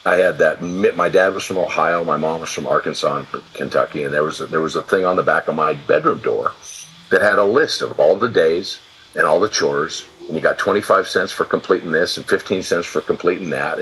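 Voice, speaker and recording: A man's voice: sits low, a little fast, fairly bright tone, a little hiss or hum, rough recording. A man in his sixties from California, a podcast guest telling rambling, salty stories full of restarts. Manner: rambling, profane, with many restarts. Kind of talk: casual storytelling interview.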